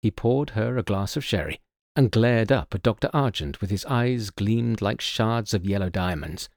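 A man narrating a mystery story in a scripted, expressive storytelling manner. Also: on the low side, moderate pace, no room sound, studio quality.

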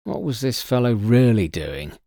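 A man's voice: medium pitch, lively intonation, a little slow, warm tone, no room sound, studio quality. A man voicing a jealous male guest who speaks sharply and accusingly. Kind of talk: audiobook character voice.

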